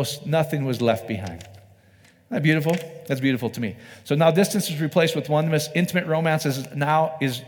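A man's voice: mid-range voice, a little mellow. A man preaching a sermon in a loose, conversational way, often asking his listeners rhetorical questions. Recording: long reverb of a hall.

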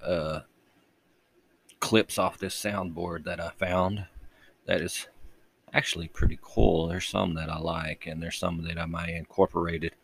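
A man hosting a casual late-night solo podcast from his bedroom, talking low and quietly, rambling and crude and mocking himself. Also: fairly even intonation, measured pace, gravelly. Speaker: podcast host. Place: bedroom at home with the door shut.

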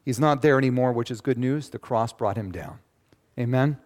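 A male pastor preaching a sermon in a church, with animated, emphatic delivery. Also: medium pitch, normal speed. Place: church sanctuary. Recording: long reverb of a church.

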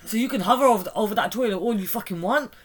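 A young woman co-hosting a casual chat, loud, teasing and swearing freely. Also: medium pitch. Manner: loud, sweary, teasing, quick to squeal in disgust.

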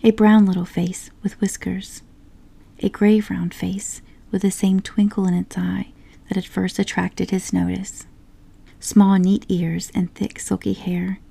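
A woman narrating a storybook in a soft, unhurried whisper. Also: medium pitch, little pitch movement, gravelly, husky.

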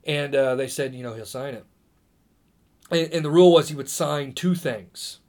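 A man from Indiana telling stories in casual chat, animated, bursting fast and restarting mid-sentence. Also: mid-range voice. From Indiana, USA.

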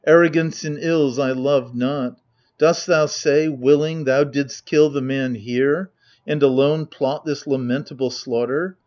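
A man's voice: mid-range voice, fairly even intonation, measured pace, darkish tone, dull audio, lightly acted. A man reading the lines of a chorus of old elders in a grave, formal verse recitation.

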